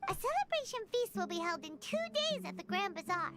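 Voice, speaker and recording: A woman voicing a tiny, excitable, girlish fairy companion in a game, bubbly and quick and referring to herself by name. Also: very noisy. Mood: chatty. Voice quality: high, squeaky, animated. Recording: game audio with loud music behind.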